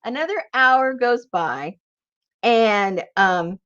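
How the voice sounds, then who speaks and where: A chatty woman tells a story in a casual craft vlog, laughing often. Her pitch swings up and down a lot. The sound is a bit dull and lo-fi. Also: lively intonation, slow, fairly bright tone, dry recording. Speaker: craft vlogger. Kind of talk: casual chat while crafting.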